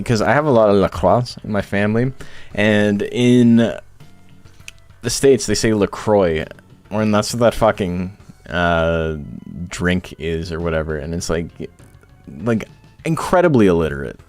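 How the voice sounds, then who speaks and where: A man's voice: lowish voice, animated, normal speed. A young man streaming a game, chatting casually in loose, profane, joking rants. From Ontario, Canada. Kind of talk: casual chat while gaming. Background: faint game music.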